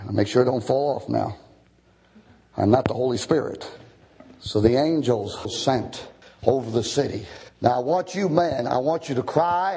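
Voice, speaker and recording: A man preaching a fiery sermon in a church, swinging from quiet, folksy talk to shouted, pleading cries. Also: a little high, vocal fry, breathy edge.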